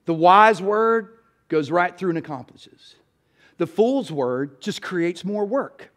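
A man's voice: high voice, lively intonation, slow, fairly bright tone. A male pastor, preaching a sermon in a church in a folksy, storytelling way and asking the crowd "y'all".

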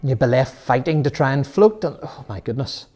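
A man's voice: medium pitch, expressive, moderate pace, darkish tone. A man leading a children's Sunday school Bible lesson, earnest and full of rhetorical questions.

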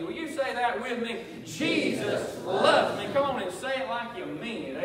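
Male pastor, high-pitched, preaching with call-and-response in a booming, reverberant sanctuary. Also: expressive, a little slow, few pauses, crowd noise. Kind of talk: sermon. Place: church sanctuary. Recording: echoey church hall, voice from far off.

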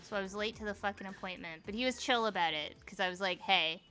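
Young female streamer, casual gameplay chatter, excitable and foul-mouthed, sharp bright tone. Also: mid-range voice, quick pace, faint music behind. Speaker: live streamer. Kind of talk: casual live gameplay commentary.

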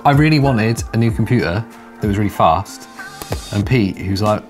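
A man's voice: lowish voice, lively intonation, normal speed, over music. A man hosting a casual tech video, rambling and self-deprecating as he explains his computer upgrade. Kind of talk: casual bantering tech chat.

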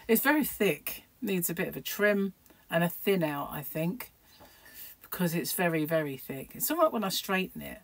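A woman's voice: lowish voice, lively intonation, normal speed, no echo, low-quality recording. A middle-aged woman vlogging at home in a rambling, chatty, self-mocking way. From United Kingdom. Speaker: crochet vlogger. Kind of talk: casual chat to camera.

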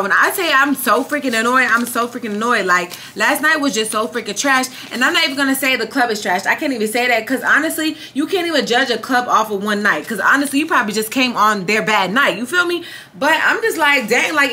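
Chatty and animated, a young woman with a slightly high voice vlogs casually into her phone camera from a room, constantly addressing her viewers. An air conditioner hums behind her.

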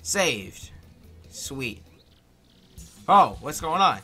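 A man's voice: medium pitch, very animated, extremely slow, pauses often, pushed and bright, slightly rough, soft background music. A young man giving casual, jokey, self-mocking commentary while playing a video game. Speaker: let's player.

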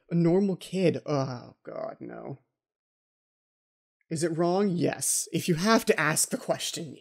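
A man's voice: a little high, creaky, husky. A man giving horror game let's play commentary as the channel host, jumpy and anxious, often repeating his pleas.

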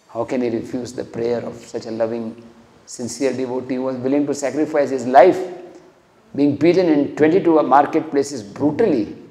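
A man's voice: mid-range voice, dark tone. A man giving an earnest devotional lecture, acting out quoted dialogue as he tells stories. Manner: earnest, acts out quoted dialogue with rising emotion. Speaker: speaker at a temple lecture. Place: temple hall. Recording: echoey hall.

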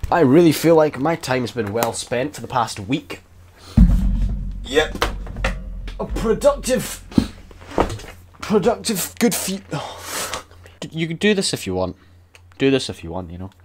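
A man's voice: medium pitch, background noise. Young guy gaming commentary, swears a lot, voice jumps up and down, keyboard clacking behind. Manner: sweary, excitable, sarcastic. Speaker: gaming YouTuber. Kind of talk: casual gameplay commentary.

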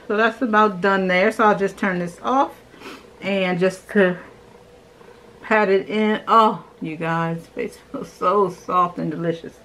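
A woman's voice: mid-range voice, slow pace, fairly bright tone, slight background noise, rough recording. A young adult woman chatting enthusiastically as she shows her morning skincare routine at home. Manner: chatty, enthusiastic, talks while doing the steps. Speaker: beauty vlogger. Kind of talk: casual skincare routine demo.

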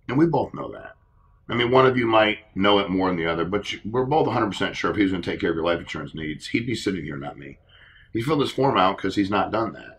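Middle-aged guy on a panel, low voice but punchy, talks fast, acts out little conversations. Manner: earnest, animated storytelling, acts out conversations. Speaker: insurance agency leader. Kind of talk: live panel Q&A answer.

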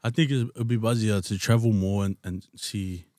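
Young podcast host; low, laid-back, sweary, dry. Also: male voice, steady tone, moderate pace, darkish tone, no echo. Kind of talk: casual chat.

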